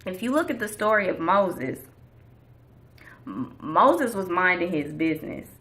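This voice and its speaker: A woman's voice: fairly low pitch, big pitch swings, unhurried, a bit bright. A woman vlogger giving a casual faith talk in a chatty, slangy, preachy way.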